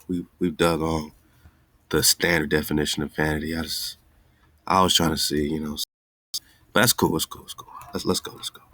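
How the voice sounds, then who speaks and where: A man's voice: very deep voice, a bit bright, no echo. A man hosting an online radio show, talking loosely and straight to his listeners with an exasperated, easygoing manner. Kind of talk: casual live-stream talk.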